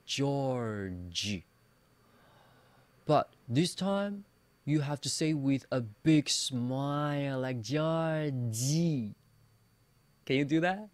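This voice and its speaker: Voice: mid-range voice, no room sound. A Mandarin teacher giving an online beginner lesson, playfully demonstrating sounds and asking learners to repeat after them.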